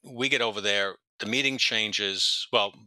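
A man telling stories in a very bright, tense voice, and the sound is close and dry. He rambles, restarts sentences and doubles back in time as he talks. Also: lowish voice, measured pace, dry recording. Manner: rambling, self-correcting, jumps around in time. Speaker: podcast guest, retired police detective. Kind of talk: storytelling in a casual interview.

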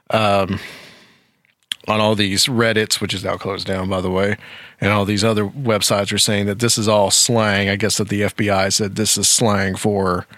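A man's voice: fairly low pitch, a bit bright, no echo, clean studio sound. A man hosting a talk show, speaking casually and rambling with frequent fillers. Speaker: podcast host.

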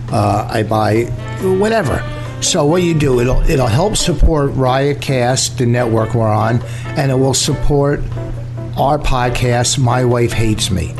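A man co-hosting a comedy podcast, talking in a gruff, bickering way full of deadpan jokes. Music plays clearly behind his voice. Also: mid-range voice. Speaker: podcast co-host. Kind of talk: casual comedic podcast banter.

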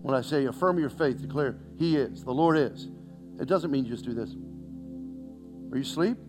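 A man preaching a sermon, calling out questions to the congregation and swinging between loud exhortation and hushed, near-whispered lines. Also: medium pitch, moderate pace, over music.

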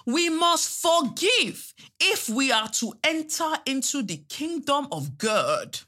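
Pompous pulpit preacher, male, slow and showy, high and bright; a woman puts him on. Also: very animated, heavily acted. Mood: preachy. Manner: slow, drawn-out preaching cadence.

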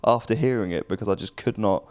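A young man co-hosting a casual podcast, telling jokey, rambling stories in an animated way. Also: lowish voice, quick pace. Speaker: podcast co-host. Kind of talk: casual chat.

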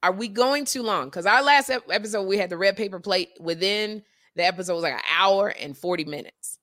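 A woman co-hosting a casual podcast chat, talkative and animated, often repeating and restarting her sentences. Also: mid-range voice, fairly quick, no room sound, clean studio sound. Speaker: podcast co-host.

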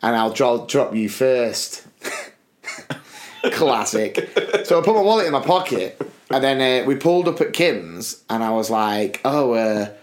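A British man co-hosting a podcast tells a long personal anecdote in casual chat, frequently breaking into laughter. His British English voice is medium-pitched, expressive and a little slow.

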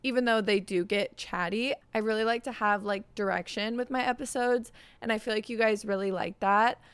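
Young woman podcast host rambling, upbeat, says like a lot, smooth clear voice. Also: mid-range voice, fairly even intonation, moderate pace, no echo. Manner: chatty, upbeat, says "like" constantly. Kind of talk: casual solo podcast chat.

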